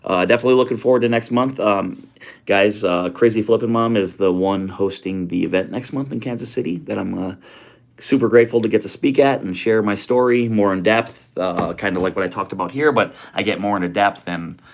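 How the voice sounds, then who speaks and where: A man's voice: on the low side, brisk, vocal fry. A man hosting a casual livestream from his home office, greeting viewers with easygoing slang. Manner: laid-back, greets viewers with slang like homie and brother. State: a bit out of breath. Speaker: livestream host.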